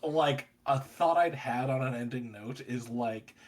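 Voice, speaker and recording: A man's voice: mid-range voice, unhurried. A man running a tabletop game, chatting casually afterward and rambling with lots of fillers. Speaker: game master. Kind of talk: casual post-game chat.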